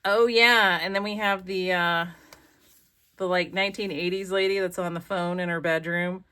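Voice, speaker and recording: Chatty woman with a lowish voice. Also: steady tone, normal speed, sharp tone, clean tone. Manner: chatty and rambling, gushing over her pages. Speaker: craft vlogger. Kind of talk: casual flip-through commentary. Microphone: desk camera.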